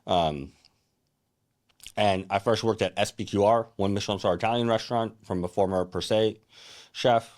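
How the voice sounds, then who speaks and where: A man's voice: lowish voice, normal speed, long pauses, darkish tone. A young man, a chef, telling his career story in a casual, earnest first-person way, often restarting his sentences. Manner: earnest and reflective, with many restarts and fillers like "like" and "right?".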